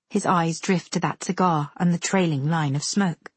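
A woman reading a first-person story aloud with measured, intimate storytelling. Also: lowish voice, steady tone, breathy edge, no echo. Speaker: audiobook narrator. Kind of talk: first-person audiobook narration.

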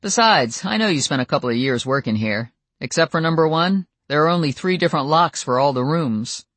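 An audiobook narrator voicing a relaxed, friendly small-town motel keeper. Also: mid-range voice, fairly quick, dry recording.

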